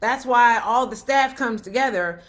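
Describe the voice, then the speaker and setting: A middle-aged woman talking casually to the camera, telling a school story with lively retold quotes and checking in with the listener as she gives parenting advice. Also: fairly high pitch, measured pace. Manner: animated storytelling, laughs often, acts out quotes; repeats questions to the listener. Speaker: parent vlogger giving advice.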